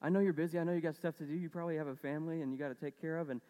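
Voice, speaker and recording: A man's voice: on the high side, steady tone, rapid-fire, warm tone, long reverb tail, lightly acted. A man voicing a tired, grumbling male Roman soldier in a sermon illustration, exasperated and baffled.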